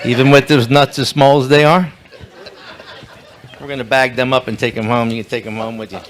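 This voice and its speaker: A man's voice: medium pitch, little pitch movement, brisk, slight background noise. A man roasting a friend in front of a banquet crowd with crude bathroom jokes. He rambles, restarts and loses his place in his notes, then lands the punchline. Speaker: roaster, emcee. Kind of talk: comedy roast joke-telling. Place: banquet hall, live event.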